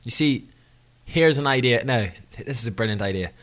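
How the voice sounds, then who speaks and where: A male podcast co-host chats casually in a rambling, jokey way, correcting himself as he goes. His mid-range voice is animated and fairly bright, at a moderate pace.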